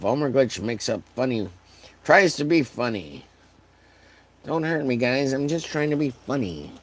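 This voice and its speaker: A man's voice: mid-range voice, huge pitch swings, takes it slowly, gravelly, long pauses, breathy edge. A man casually chatting to his live-stream viewers while painting, muttering to himself and cracking silly jokes. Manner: jokey, mumbling to himself, bursts of silly sing-song. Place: home studio with a video playing in the background.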